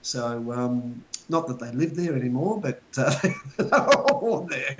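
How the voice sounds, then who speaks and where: An Australian man in his fifties chats as a guest, wandering through long anecdotes and chuckling along the way. His voice sits at an everyday middle pitch, with a faint hiss in the recording. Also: expressive, slow pace, rough recording. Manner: rambling anecdotal storyteller, chuckling. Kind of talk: casual chat.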